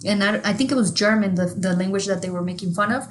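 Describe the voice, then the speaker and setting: A woman's voice: medium pitch, fast talker, slight background noise. A woman from Mexico whose first language is Spanish, co-hosting a podcast and telling a rambling, profane story with frequent laughter. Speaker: podcast co-host. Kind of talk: casual chat.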